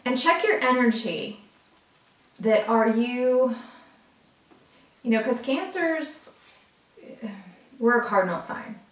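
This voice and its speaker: A woman reads tarot in a casual, chatty way and talks straight to her viewers. She gets excited as she goes. Her voice sits back from the mic and the room sounds roomy. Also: a little high, slow, pauses often. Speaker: tarot reader. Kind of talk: casual tarot reading to camera. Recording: roomy, from a distance.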